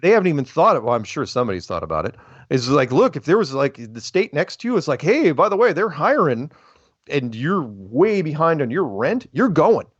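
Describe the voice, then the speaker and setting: A man hosting a call-in show, talking casually in a rambling, animated way and often restarting his sentences. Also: medium pitch, fairly quick, dry recording. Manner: rambling, animated, self-interrupting. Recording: dull, lo-fi phone-style sound.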